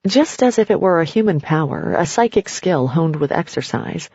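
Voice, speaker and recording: A woman narrating a nonfiction audiobook, telling a story in the second person in a steady way. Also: deep voice, normal speed, slightly rough, no room sound, muffled recording.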